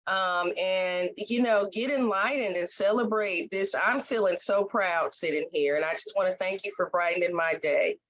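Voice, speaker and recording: A woman's voice: mid-range voice, moderate pace, hardly any pauses, fairly bright tone. A woman hosting a podcast interview, speaking in an emphatic, folksy, heartfelt way. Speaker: podcast host. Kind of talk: conversational interview.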